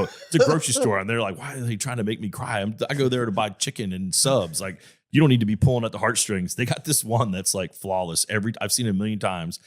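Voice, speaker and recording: Low-voiced man telling rambling stories. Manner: rambling, crude, animated storytelling. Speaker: podcast co-host. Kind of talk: casual comedy podcast chat.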